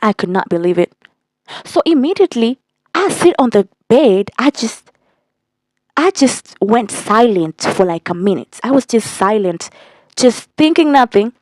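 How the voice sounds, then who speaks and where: A young woman telling a storytime vlog in a casual, animated way, cursing and repeating lines for emphasis. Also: a little high, measured pace, dry recording. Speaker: vlogger.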